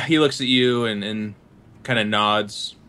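Bright-voiced male player. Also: medium pitch. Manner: halting, repeats words. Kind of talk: narrating his character's actions.

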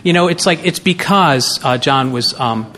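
A man's voice: mid-range voice, moderate pace, bright, forceful tone, a little hiss or hum. A man guesting on a podcast in casual chat, riffing absurd jokes with stammering restarts. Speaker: podcast guest, co-host of his own show.

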